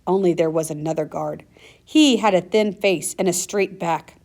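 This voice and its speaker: A woman narrating a first-person story in a measured, earnest audiobook reading. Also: on the low side, darkish tone.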